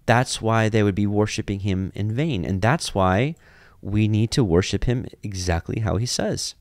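A man's voice: lowish voice, normal speed, no echo, studio quality. A man giving an informal, conversational Bible teaching, drifting off on side tangents and reading passages aloud. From grew up in a Jewish family. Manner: conversational, digressive, reads scripture aloud.

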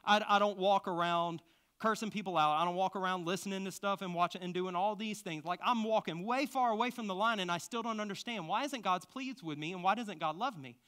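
A male preacher with a high, bright voice delivers a sermon into a stand microphone. He shares his own story with fervent passion, dropping to hushed confessions and then surging into loud exclamations. The delivery is raw and earnest. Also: a little fast, clear, resonant tone. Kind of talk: sermon with personal testimony.

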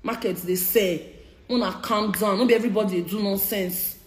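A woman's voice: mid-range voice, steady tone, brisk, echoey room. A young woman in her twenties with a Nigerian Pidgin English accent, confronting critics in a heated, repetitive live-stream rant. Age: 20s. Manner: confrontational, repeats her points. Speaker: social media personality.

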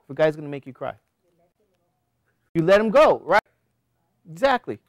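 A male college instructor wanders off topic to give his students life advice. His voice is animated, rising and dropping sharply, and he keeps quizzing the class with rhetorical questions. The sound is dry and close, with almost no room echo. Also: a little high, normal speed. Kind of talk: classroom lecture digression.

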